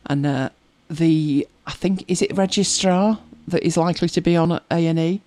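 A woman's voice: lowish voice, normal speed, a little mellow, no room sound. Chatty woman, dry close sound. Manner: chatty, rambling storyteller with frequent laughs. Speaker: livestream host reading viewer comments. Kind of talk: casual live chat.

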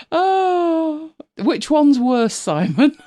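Chatty, laughing woman with a lively voice. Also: sits high. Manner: chatty, laughs often, greets viewers by name while searching for pictures. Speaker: live stream host. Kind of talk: casual live-stream chat with viewers.

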